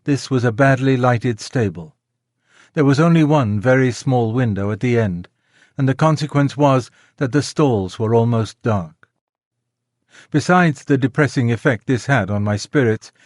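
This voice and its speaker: A man narrating a classic children's novel in a measured, gentle storytelling manner. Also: mid-range voice, dry recording, studio quality. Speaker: audiobook narrator. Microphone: close studio mic, dry.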